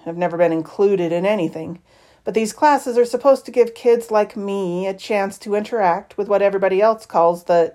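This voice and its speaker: A woman reading a novel aloud in the first person, with expressive, lively shifts in tone. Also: mid-range voice. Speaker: audiobook reader.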